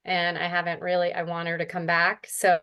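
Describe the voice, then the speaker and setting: A woman's voice: lowish voice, completely flat delivery, brisk, fairly bright tone, smooth. A woman receiving a reading about her dog, talking in an emotional, grateful and hesitant way. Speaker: client. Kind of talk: casual conversation.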